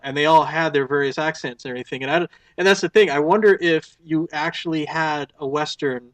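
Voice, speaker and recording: A man's voice: a little high, a bit bright, dry recording. A man co-hosting a podcast, talking things through thoughtfully with careful hedges and restarts. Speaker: podcast co-host. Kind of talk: casual movie review chat.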